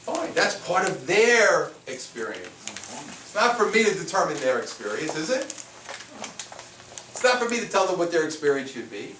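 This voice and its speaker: Guy teaching a spiritual workshop, kinda high voice, roomy echo, mic sounds far off. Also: normal speed. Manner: animated, playful, asks the audience questions. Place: room with a small audience. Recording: roomy, mic at a distance, faint noise.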